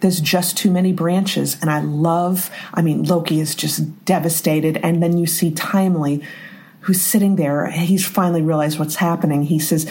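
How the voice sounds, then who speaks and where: A woman's voice: deep voice, steady tone, normal speed, darkish tone. A woman co-hosting a podcast, casually retelling scenes with frequent laughs and exclamations. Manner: laughs often, exclaims reactions. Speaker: podcast co-host. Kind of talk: casual recap chat.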